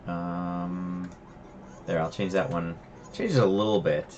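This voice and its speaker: A man's voice: sits low, steady tone, slow pace, darkish tone, slight background noise. A man hosting a casual trading livestream from his home desk, chatting loosely with lots of fillers. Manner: rambling, chatty, many fillers. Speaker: trading stream host.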